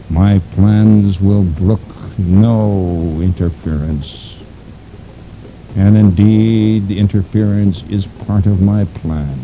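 A man voicing a sinister, aged criminal mastermind who speaks in a slow, measured, commanding way. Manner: slow, measured, imperious delivery. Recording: dull lo-fi recording with rumble.

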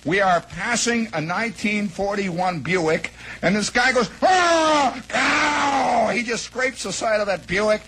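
A man with a notably high voice spins a rambling, animated yarn, jumping into the shouts and lines of his characters as he goes. He tells it like a spoken radio monologue. A faint hiss sits under the recording. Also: normal speed, hardly any pauses, poor audio. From American Midwest. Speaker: storyteller.

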